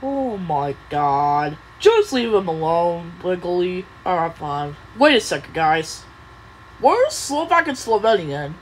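A woman's voice: on the low side, sing-song, takes it slowly, a little hiss or hum, low-quality recording. A young woman voicing many cartoon characters in a playful, silly way. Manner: playful, silly voices, giggly.

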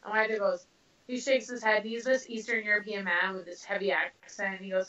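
A woman from Canada, a professional boxer, answering interview questions in a casual, animated way with many fillers. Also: medium pitch, brisk. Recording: roomy, distant, dull sound.

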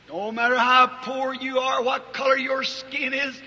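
A man preaching a fervent revival sermon in a large hall before a congregation, often rising to shouts. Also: extremely high pitch, flat delivery, a little slow, few pauses. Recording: reverberant old hall recording.

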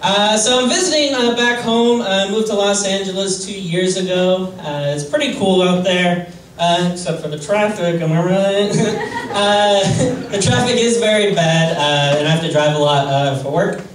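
A man doing a stand-up comedy set on a club stage, deadpan and self-deprecating, hesitant with many fillers. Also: sits high, moderate pace, crowd noise. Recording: roomy distant club recording with noise.

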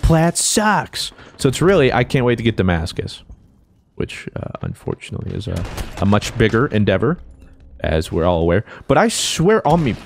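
A man giving jokey, excitable commentary while playing a shooter game, dropping to low mutters and then breaking into shouted cheers. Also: vocal fry, slight background noise. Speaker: gaming YouTuber. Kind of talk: live gameplay commentary. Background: faint gunfire from the game.

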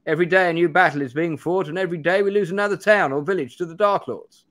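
A man's voice: fairly high pitch, fast talker, a bit bright, pitched above the performer's own voice, natural voice. A man voicing a grave young male magician who urgently warns of an advancing enemy. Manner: urgent, earnest dramatic reading.

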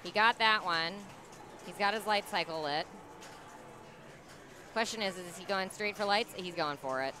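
A woman's voice: lowish voice, background noise. A woman giving casual play-by-play commentary on a pinball tournament and chatting about strategy. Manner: chatty, quick reactions, lots of fillers.

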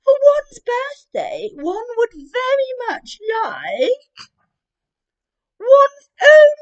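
A woman's voice: very high voice, huge pitch swings, drawn-out words, muffled recording, pitched above the performer's own voice, full character voice. A woman voicing an imperious elderly queen who talks in a stern, haughty, commanding way.

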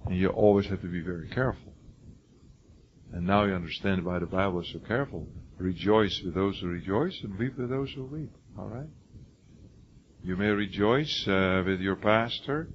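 A man's voice: sits low, normal speed. An older man giving a college classroom lecture, emphatic and prone to restarts, calling on students by name. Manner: frequent restarts and repeated words. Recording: lo-fi classroom recording with faint noise.

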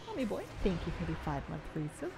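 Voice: medium pitch, wildly swooping pitch, fast talker, over music. Giggly, chatty game streamer. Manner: chatty and giggly, reads out chat. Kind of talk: casual live-stream chat while gaming.

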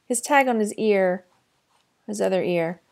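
A woman's voice: medium pitch, a little slow, gravelly. A middle-aged woman from Texas giving a casual weekly sales update as an online reseller, chatty with frequent fillers. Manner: chatty, warm storytelling with frequent fillers and laughs.

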